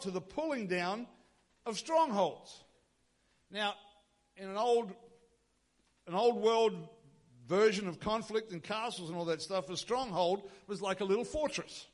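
High-voiced pastor preaching. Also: male voice, measured pace. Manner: emphatic, with rhetorical questions and repeated phrases. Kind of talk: sermon.

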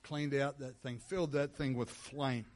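A man giving a sermon as pastor in a church, moving from quiet reflective teaching into loud, fervent prayer. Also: mid-range voice, steady tone, measured pace. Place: church sanctuary. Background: soft instrumental music.

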